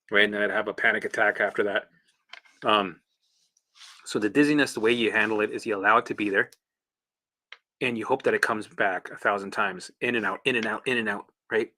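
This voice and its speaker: A man's voice: on the low side, brisk, pushed and bright. A man talking casually as a recovery coach, blunt and swearing freely, acting out his own past reactions. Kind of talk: casual monologue.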